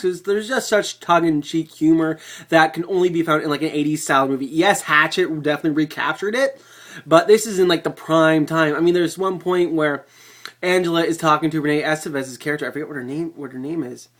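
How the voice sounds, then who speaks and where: A man giving a casual movie review vlog to a webcam, excitable and rambling, swearing freely. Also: fairly high pitch, a little fast.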